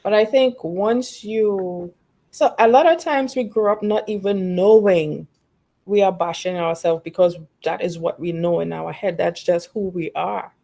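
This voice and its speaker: A woman's voice: fairly low pitch, measured pace, vocal fry, mellow. A woman speaking reflectively in a group discussion, in long run-on sentences. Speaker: participant.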